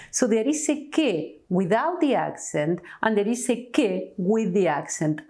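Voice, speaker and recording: A woman, a native Spanish speaker from Argentina with an Argentine Spanish accent, teaching a language lesson, saying each word clearly and then translating it. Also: mid-range voice, darkish tone. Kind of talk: slow language lesson with examples.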